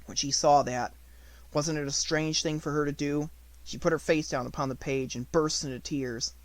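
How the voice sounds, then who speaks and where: A man reading an unabridged novel aloud as an audiobook narrator, with expressive storytelling. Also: on the high side, moderate pace, dry recording.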